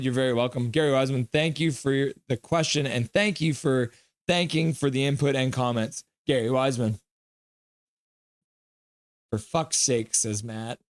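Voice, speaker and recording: A man hosting a live stream, reacting to a game and joking with his chat in an animated way. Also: medium pitch, no echo.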